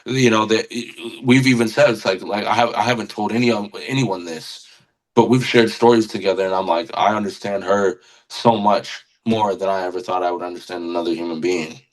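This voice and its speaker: A man's voice: fairly low pitch, steady tone, a little fast, poor audio. A man who is a guest musician on a podcast, talking with earnest passion and often repeating words as he searches for them. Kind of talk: casual podcast conversation.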